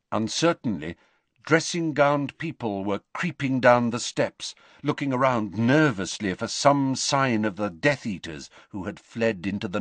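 Expressive male audiobook narrator. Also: lowish voice, dry recording. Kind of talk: scripted narration.

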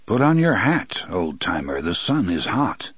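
Male reader as laconic gunslinger: low, quiet, clipped, husky. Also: sing-song, a little slow, dry recording, heavily acted. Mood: calm. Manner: quiet, terse. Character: grim, laconic gunslinger man.

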